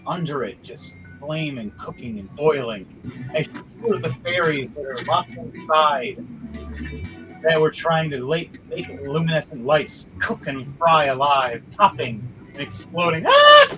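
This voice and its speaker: A man's voice: fairly high pitch, a little slow, low-quality recording. A man narrating a tabletop game as dungeon master, vivid and rambling, with restarts. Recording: music playing behind.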